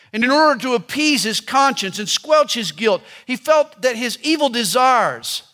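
A man's voice: very high-pitched, bright, forceful tone. A man preaching a sermon, emphatic and repeating scripture lines with building force.

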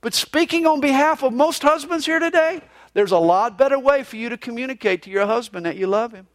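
A middle-aged man preaching a sermon, earnest with lively emphasis. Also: extremely high pitch, brisk. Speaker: pastor.

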